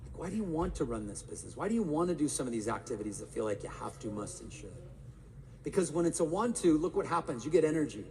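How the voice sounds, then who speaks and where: A man with a somewhat high, gravelly voice gives an energetic motivational talk and keeps asking the crowd questions. Long reverb from a large hall surrounds him, with a faint murmur of room noise behind. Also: quick pace. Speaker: motivational speaker. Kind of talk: live talk to an audience.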